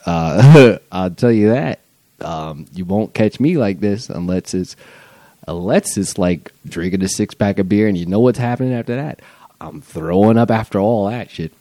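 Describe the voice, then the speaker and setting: A man's voice: on the low side, normal speed, mellow, no echo. A man hosting his own podcast, talking in a loose, rambling and profane comedic monologue. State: high on mushrooms. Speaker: podcast host.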